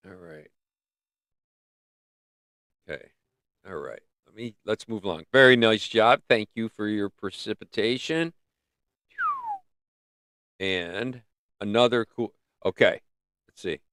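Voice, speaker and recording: A man's voice: medium pitch, dry recording, studio quality. Rambling man hosting a livestream. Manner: rambling, musing, with many restarts. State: throat giving out. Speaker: livestream host. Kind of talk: casual livestream chat. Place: in northern North America. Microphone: close mic.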